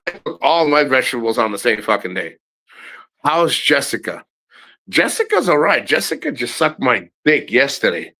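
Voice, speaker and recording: A man's voice: medium pitch, wildly swooping pitch, normal speed, bright, forceful tone, rough recording. A middle-aged man rambling casually in a travel vlog, blunt and profane, laughing often. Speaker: travel vlogger.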